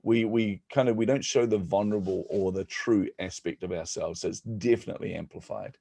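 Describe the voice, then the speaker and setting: A middle-aged man, telling lively, jokey stories as a guest in a conversation. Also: on the low side, fairly quick, creaky, dry recording. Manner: animated, jokey, laughs at own stories. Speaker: guest speaker. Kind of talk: storytelling in conversation.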